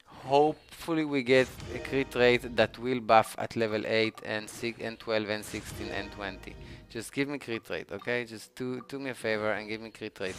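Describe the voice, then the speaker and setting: A man's voice: on the low side, steady tone, moderate pace, faint music behind. Swearing, pleading gaming streamer man. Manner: pleading, swearing, flaring into shouted outbursts. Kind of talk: live gaming commentary.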